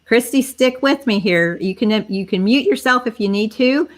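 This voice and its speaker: A woman's voice: on the high side, normal speed. Chatty woman hosting a live giveaway. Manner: chatty, addresses viewers directly, spells things out. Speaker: livestream host running a giveaway. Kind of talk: casual live-stream chat.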